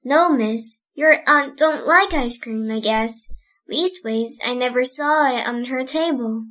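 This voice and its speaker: A woman's voice: sits high, takes it slowly, a bit bright. A woman reading an audiobook, voicing a flustered young housemaid who stammers and talks in plain rustic grammar.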